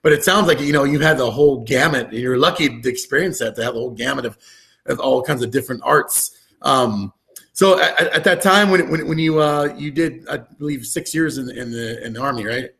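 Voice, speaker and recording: A male podcast host with a gravelly voice full of vocal fry, sitting at a mid pitch. He talks casually and hesitantly, often pausing on ums and likes. He sounds like he is chatting with his guest. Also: a bit bright. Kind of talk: casual interview chat.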